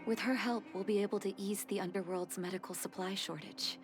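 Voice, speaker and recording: A woman voicing an earnest young woman doctor in a game, speaking gently and with feeling, over game music. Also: mid-range voice, steady tone, a little fast, lightly acted. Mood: resolved. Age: young adult. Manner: gentle, heartfelt, softly emotional. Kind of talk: game dialogue and narration.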